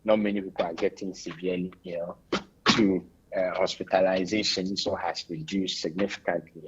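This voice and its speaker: A man with a Ghanaian accent, a radio interview guest giving measured, explanatory answers. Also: deep voice, fairly bright tone, husky, lo-fi sound.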